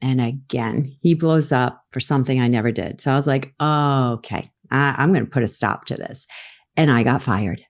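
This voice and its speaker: Low-pitched middle-aged lady telling a story on a podcast, acts out what people said. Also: moderate pace. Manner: animated, acts out quoted lines. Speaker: podcast guest. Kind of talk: storytelling in a conversation.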